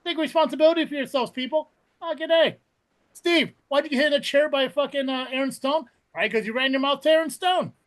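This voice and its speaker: A man's voice: very high voice, fast, hardly any pauses, a bit bright. A man co-hosting a wrestling podcast in casual chat, ranting and swearing a lot as he mocks people in quoted voices. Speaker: podcast co-host.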